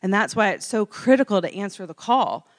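A middle-aged woman telling a personal story in a casual interview, animated and laughing often. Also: mid-range voice, brisk.

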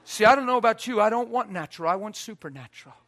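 A high-voiced man preaches a storytelling sermon with a bright, ringing tone. He drops to soft, hushed quoted lines, then climbs to loud, near-shouted exhortation. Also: expressive, fast, some chatter behind.

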